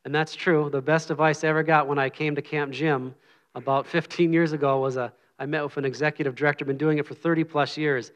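Lay preacher, middle-aged man, slightly high voice, earnest and humble, conversational sermon delivery. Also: steady tone, fast. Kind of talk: informal sermon with prayer.

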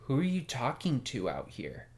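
A woman playing a bumbling middle-aged dad, gruff and proud of being manly, in an improv comedy scene. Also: rumbling low, wildly swooping pitch, normal speed, darkish tone, voice pushed down, full character voice. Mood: suspicious. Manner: gruff, pompous about manliness.

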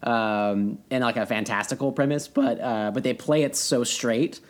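A man's voice: mid-range voice, steady tone, normal speed. A man in casual movie chat, easygoing and agreeable, often saying yeah and laughing.

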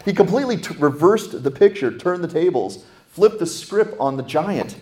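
A man preaching a sermon as a pastor, slowing and dropping soft on scripture, then rising sharply in pitch and volume to stress a point. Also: animated, slight background noise. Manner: slows down and drops to a soft low voice on scripture.

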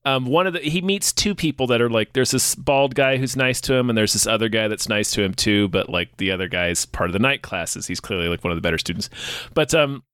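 A man's voice: fairly low pitch, fairly quick, clean tone, no echo. Dry, close-sounding man recapping a film. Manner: relaxed, recaps scenes and laughs often. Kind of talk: casual chat reviewing a film.

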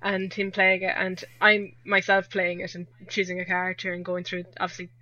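A woman's voice: lowish voice, monotone, moderate pace, pushed and bright, no echo. Young irish woman rambling away with lots of laughs, dull dry recording. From Ireland. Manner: chatty, laughs often, self-deprecating. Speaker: guest. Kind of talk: casual chat.

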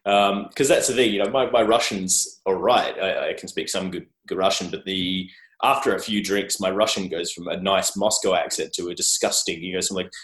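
A man's voice: low voice, fairly even intonation, brisk, fairly bright tone. A man with an Australian accent, a guest in a casual interview, joking about himself and rambling with restarts. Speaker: guest, journalist. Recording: roomy echo.

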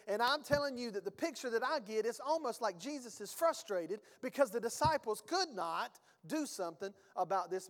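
A male pastor preaching a sermon, reading scripture aloud and swinging between emphatic bursts and quiet asides. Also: very high-pitched, long reverb tail.

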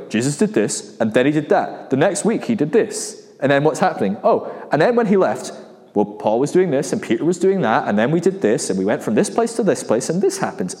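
A man giving a sermon in a conversational, animated way, often acting out quoted voices and restarting his sentences. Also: mid-range voice. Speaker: preacher. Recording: reverberant hall.

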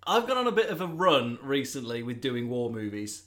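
A man co-hosting a podcast in casual chat, chatty and quick to laugh, with halting restarts. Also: medium pitch, sing-song, fairly bright tone. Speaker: podcast co-host.

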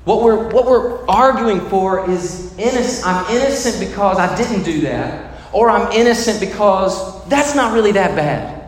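A man's voice: high voice, expressive, unhurried. A man preaching a sermon as a pastor, telling stories dramatically and acting out the voices of the people in them. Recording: echoey hall, faint noise.

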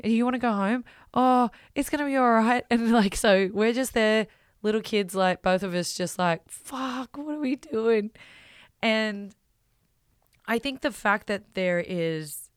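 An Australian woman telling a personal story in a chatty, animated way, full of "like" and "you know". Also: lowish voice, clean tone, no echo, clean studio sound. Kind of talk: casual storytelling monologue.

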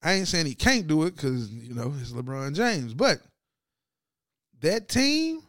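Man, podcast host, slangy casual sports talk, fairly high voice, dry close mic. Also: big pitch swings, measured pace, no room sound. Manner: loose slangy delivery, swings from loud to low and subdued.

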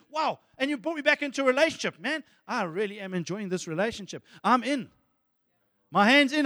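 High-voiced, excitable male preacher. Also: fairly quick, no room sound, clean studio sound, big-room sound. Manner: animated, excitable preaching with sudden soft asides. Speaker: pastor. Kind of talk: sermon.

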